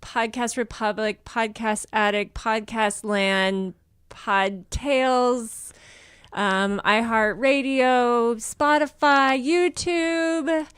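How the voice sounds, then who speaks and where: A woman's voice: on the high side, steady tone, very slow, a bit bright, clean tone, no room sound, studio quality. A woman co-hosting a podcast, giggly and playful in casual chat. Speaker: podcast co-host.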